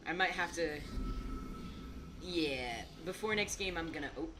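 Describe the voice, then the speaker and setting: A woman's voice: sits low, unhurried, noisy background. A young adult woman chatting casually as she comments on her gameplay, giggling often. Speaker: gaming streamer.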